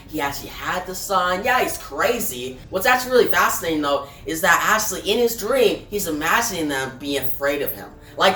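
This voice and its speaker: A man chats through a comic book recap in a loose, rambling way, full of fillers. His voice is bright and forward, heard from some distance in an echoey room. Faint music plays underneath. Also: high-pitched. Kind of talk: casual video review.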